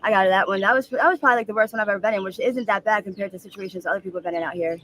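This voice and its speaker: A woman in her thirties telling her story in a candid, halting street interview with many fillers. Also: medium pitch, fairly even intonation, fairly bright tone. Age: 30s.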